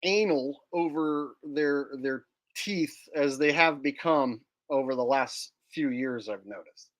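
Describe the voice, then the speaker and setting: A man's voice: mid-range voice, slow, fairly bright tone. A man hosting a livestream, rambling and joking in casual, profane commentary. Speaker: streamer host.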